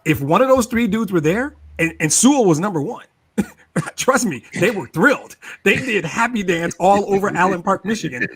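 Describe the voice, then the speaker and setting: A man in casual sports podcast chat, animated, laughing often and repeating words as he argues his point. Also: sits high, moderate pace, slightly rough. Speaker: sports talk show regular.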